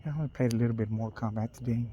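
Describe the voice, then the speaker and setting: A man's voice: mid-range voice, steady tone, warm tone, a little hiss or hum. A man rambling casually on a night walk outdoors, recorded on a phone held in his hand. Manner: loose, unhurried rambling with trailing restarts. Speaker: vlogger.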